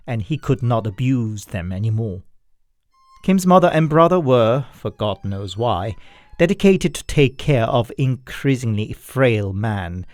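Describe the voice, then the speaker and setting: Male horror-story narrator, unhurried and lively in pitch; dry read, faint violin bed. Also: no echo. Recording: dry, with soft violin music. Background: faint violin music.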